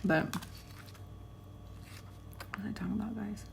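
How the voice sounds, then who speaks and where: A woman's voice: mid-range voice, a little slow, vocal fry, very noisy. A young woman, rambling casually to her vlog audience from home and laughing often. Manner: chatty, laughs often, talks to her dogs mid-sentence. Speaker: vlogger. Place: home, indoors.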